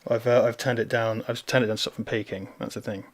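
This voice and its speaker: A man with an ordinary mid-range voice talks into a USB desk mic at home. He chats casually, swears freely, and laughs often. His talk is loose and animated. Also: mid-range voice, fast. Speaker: co-host of a film watch-party stream. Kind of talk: casual chat.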